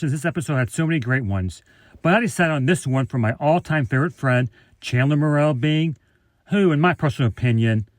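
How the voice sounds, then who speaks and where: An eager man reads out his prepared message to a podcast. His voice is middle-pitched and earnest, recorded close and dry with no room sound. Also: dry recording. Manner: earnest, enthusiastic fan. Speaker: listener sending in a clip. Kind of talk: read-out listener message.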